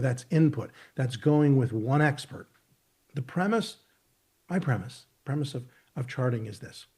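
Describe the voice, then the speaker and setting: A man's voice: on the high side, darkish tone, slightly rough. A man in his fifties, a guest on a video call, explaining his ideas through long, emphatic, rambling analogies with frequent restarts. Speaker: market technician, interview guest. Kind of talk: expansive storytelling explanation.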